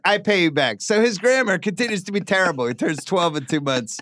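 A man's voice: high-pitched, animated, fairly quick, hardly any pauses, fairly bright tone, dry recording, clean studio sound. A middle-aged man hosting a podcast, telling chatty, wry anecdotes. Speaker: podcast host. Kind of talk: casual chat.

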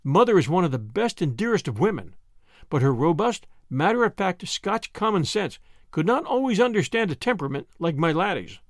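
A weary middle-aged father speaks with hearty, earnest gratitude in a storybook, read by a man. His pitch moves in a lively way. The recording is dry. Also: brisk, dry recording. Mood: grateful.

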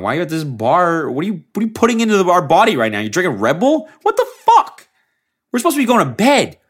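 A man's voice: high-pitched, a bit bright, voice pushed up, heavily acted. A man voicing his own body as an exasperated bro, scolding him with swearing for staying up late.

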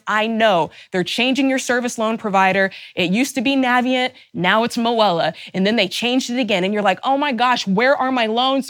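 A woman with a fairly high, slightly bright voice hosts a personal finance show and fires up her audience with a passionate, forceful talk. Rhetorical questions pile up as she voices anger for her listeners. Studio-quality sound, with no echo.

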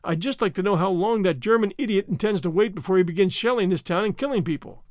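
A man voicing an excitable, exasperated male war correspondent in a storybook reading. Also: high-pitched, fast, dry recording, studio quality, close to an everyday voice. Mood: frantic.

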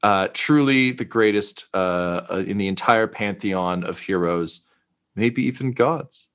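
A man voicing an eager, fawning woman attendant of a cult, speaking slowly and effusively. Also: lowish voice, fairly bright tone, smooth. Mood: gushing.

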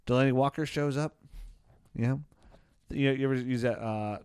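A man's voice: mid-range voice, steady tone, normal speed, darkish tone, clean tone, no echo, clean studio sound. Jokey man hosting a sports podcast. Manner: jokey, puts on silly voices for players. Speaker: podcast host. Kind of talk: casual sports podcast chat.

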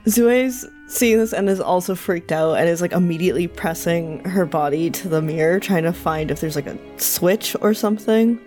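A woman's voice: lowish voice, normal speed, hardly any pauses, a little mellow, soft background music. A woman player describing her character's actions in a tabletop game in a casual, chatty way. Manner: casual, with frequent "like" fillers.

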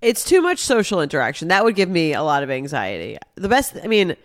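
A woman's voice: fairly low pitch, big pitch swings, a little fast, no room sound, studio quality. A woman co-hosting a podcast remotely, chatting wryly and laughing often. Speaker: podcast co-host. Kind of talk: casual chat. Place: apartment. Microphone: remote recording.

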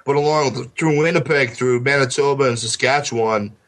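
A man's voice: medium pitch, brisk, fairly bright tone, poor audio. A man chatting casually on a podcast, rambling through anecdotes full of fillers and acted-out quotes. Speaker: podcast guest. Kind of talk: casual chat.

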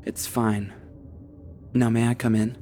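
A man voicing a sinister young stranger at the door who talks casually and dryly, with an insinuating calm. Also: mid-range voice, takes it slowly, slight background noise, natural voice. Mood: sly.

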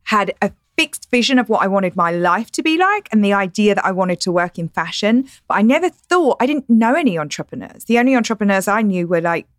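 A woman's voice: mid-range voice, animated, fairly quick, few pauses, no echo, clean studio sound. East London woman, candid and laughing. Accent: East London English, softened. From East London, England. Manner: candid, laughs easily, many fillers like "like" and "you know". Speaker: guest entrepreneur. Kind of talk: casual interview chat. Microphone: studio podcast mic.

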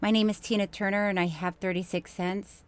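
A woman co-hosting a casual podcast, telling stories in a lively, animated way with bursts of loud laughter. Her voice sits at an ordinary middle pitch. The sound is close and dry, with no room echo. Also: brisk, clean tone. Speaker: podcast co-host. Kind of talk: casual chat.

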